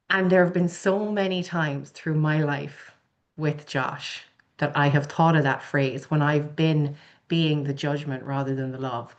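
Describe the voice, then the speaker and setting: A middle-aged woman with an Irish accent, a podcast guest telling a personal story in a candid, heartfelt, animated way. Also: low-pitched, unhurried, dull audio. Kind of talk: personal storytelling in casual chat.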